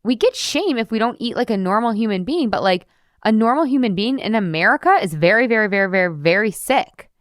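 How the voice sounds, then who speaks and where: Woman, 30s, podcast host, chatty coaching, filler-heavy, mid pitch, dry close sound. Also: animated, brisk, no room sound. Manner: chatty, heavy use of "like", casual swearing. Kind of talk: casual solo podcast talk.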